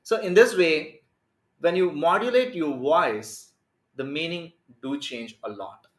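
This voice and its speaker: A man, a communication skills coach teaching a live lesson in an energetic, emphatic way. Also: fairly high pitch, a little slow, echoey room. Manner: energetic, emphatic, plays with stress and pace.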